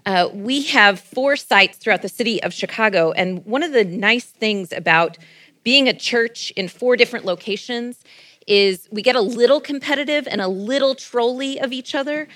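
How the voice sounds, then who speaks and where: Bright-voiced woman pastor preaching. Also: on the high side, moderate pace, dry recording. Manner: playful, conversational preaching. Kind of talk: sermon. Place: church.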